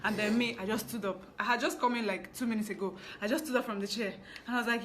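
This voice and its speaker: A woman's voice: mid-range voice, fast talker, hardly any pauses, slight background noise. A young woman with a Nigerian English accent, telling a story from her fashion business in a casual, chatty vlog. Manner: chatty, animated storytelling with asides. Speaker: fashion business owner vlogger.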